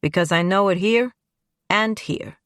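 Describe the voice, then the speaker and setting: A woman voicing a hearty, animated male Italian-American detective in an audiobook. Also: mid-range voice, measured pace, dry recording, studio quality, close to an everyday voice. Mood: jovial.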